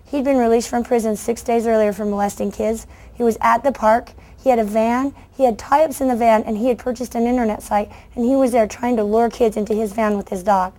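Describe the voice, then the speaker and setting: A middle-aged woman, a children's book author, telling lively stories in a talk and acting out the voices of kids and adults. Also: on the high side, a little fast. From United States. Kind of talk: lively storytelling speech to an audience.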